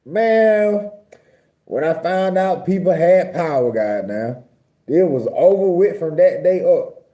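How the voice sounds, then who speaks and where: A young man from Georgia, telling a story in a casual, profane, animated way. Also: fairly high pitch, slow pace. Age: young adult. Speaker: vlogger.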